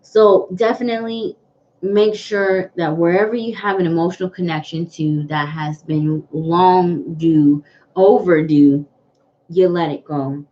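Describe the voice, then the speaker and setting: A woman's voice: fairly low pitch, steady tone, a little slow, warm tone. A woman hosting a live tarot reading, speaking earnestly to viewers and often repeating herself. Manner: earnest, repetitive, greets viewers by name. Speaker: tarot reader hosting a livestream. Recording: dull lo-fi livestream audio with faint noise.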